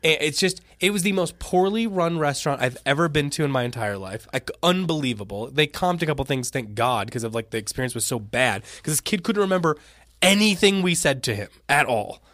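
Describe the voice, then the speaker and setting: A man's voice: on the high side, fairly quick, no echo, studio quality. A man co-hosting a podcast in casual chat, telling a story at length and acting out what people said. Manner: animated storytelling, acting out quotes. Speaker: podcast co-host.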